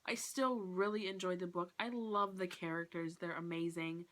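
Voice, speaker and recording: A woman giving a casual vlog book review, retelling the plot in an animated way and acting out quotes with lots of "like". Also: lowish voice, normal speed.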